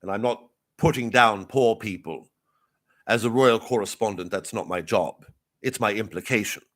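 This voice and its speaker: Rambling deadpan mock-royal commentator. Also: male voice, lowish voice, moderate pace. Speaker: comedian in character as a royal correspondent. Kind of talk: improvised satirical live commentary.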